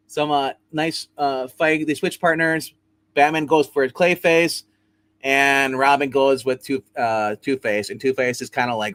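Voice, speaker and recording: A man hosting a casual comic book review, rambling through the plot with plenty of fillers and quick put-on character voices. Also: medium pitch, fairly bright tone, dry recording.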